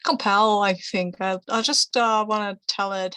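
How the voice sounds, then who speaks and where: Female player, bright and dry, rambling and restarting. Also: medium pitch, steady tone, measured pace, few pauses, clear, resonant tone, dry recording, poor audio. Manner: rambling, self-reassuring, with restarts. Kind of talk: casual tabletop play.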